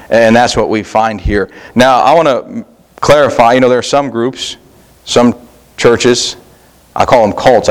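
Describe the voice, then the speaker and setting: A man preaching a sermon, pausing often with fillers and repeated words, reading Bible verses in old-fashioned wording. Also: lowish voice. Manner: reads scripture in King James wording. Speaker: pastor.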